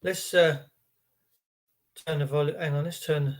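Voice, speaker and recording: A man's voice: a little high, fairly even intonation, measured pace. A British man giving a heated, emphatic, repetitive monologue to the camera. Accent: British English. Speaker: host.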